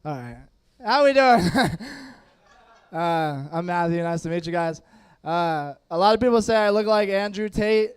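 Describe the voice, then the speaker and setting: A man's voice: high voice, expressive, unhurried, smooth. A young man from the United States with a lisp, doing a stand-up set with crowd work. He is loose and self-mocking and laughs at his own jokes. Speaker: stand-up comedian. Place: comedy stage in a room with a dining audience.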